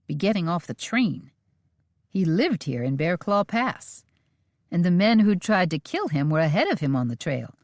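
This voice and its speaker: A woman reading a western romance audiobook in measured, steady storytelling. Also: sits low, no echo, clean studio sound. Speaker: audiobook narrator. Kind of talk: scripted audiobook narration.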